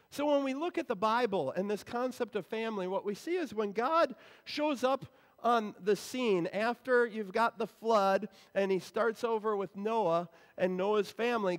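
A male pastor giving a sermon in a church sanctuary, explaining scripture in a conversational way. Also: high voice. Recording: long reverb in a church hall.

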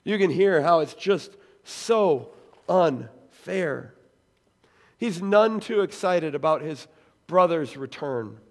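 High-voiced male pastor preaching in a hall. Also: slow. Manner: animated, acts out quoted voices. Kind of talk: sermon.

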